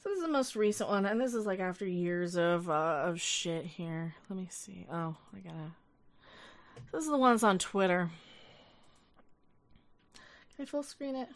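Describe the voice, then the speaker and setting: A woman's voice: on the low side, lively intonation, normal speed, pauses often. A young woman hosting a casual livestream, ranting with lots of profanity, exasperated, and reading viewer chat aloud. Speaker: livestream host.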